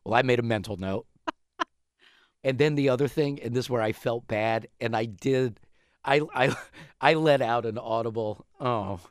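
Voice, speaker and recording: A man in a casual chat, telling a long story in a rambling, animated way. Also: mid-range voice, normal speed, clear, resonant tone, dry recording, clean studio sound.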